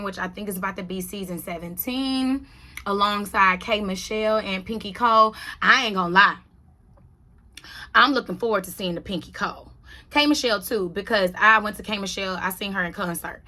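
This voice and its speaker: A woman's voice: medium pitch, pushed and bright. A woman hosting a casual reality TV recap, blunt and sassy, repeating lines for emphasis. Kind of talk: casual opinionated chat.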